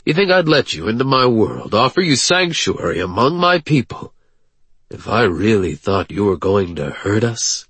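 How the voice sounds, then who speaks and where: A man voicing a gentle fatherly older leader. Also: fairly low pitch, big pitch swings, normal speed, breathy edge, no echo, heavily acted. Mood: earnest. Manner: gentle, fatherly, quietly wounded. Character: weary, kindly older male rebel leader.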